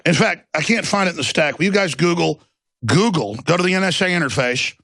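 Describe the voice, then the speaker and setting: Gravelly male host, ranting monologue, slightly high voice, dry close mic. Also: expressive, a little fast, a bit bright, dry recording. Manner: impassioned, rambling, theatrical. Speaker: talk show host.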